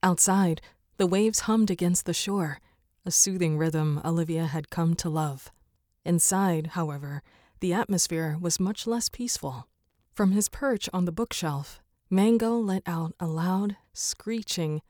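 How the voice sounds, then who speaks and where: Woman narrating a story, low and dry. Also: moderate pace, warm tone, no room sound.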